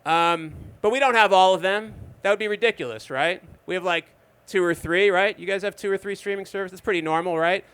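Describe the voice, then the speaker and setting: A man's voice: sits high, fairly quick, few pauses, a bit bright, clear, resonant tone. A man of fifty performing a stand-up set at a bar open mic, telling conversational stories with dry asides to the audience. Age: 50s. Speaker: stand-up comedian.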